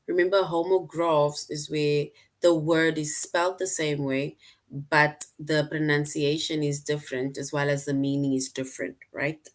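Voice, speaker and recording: A woman's voice: low-pitched, little pitch movement, normal speed. A woman teacher explaining a lesson patiently to her class online, often checking in with "right?".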